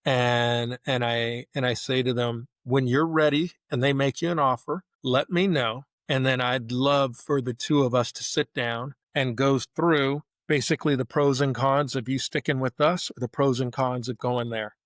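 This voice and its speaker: A middle-aged man, an executive guest on a podcast, speaking in a measured, earnest and candid way. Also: mid-range voice, no room sound. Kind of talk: casual conversational interview.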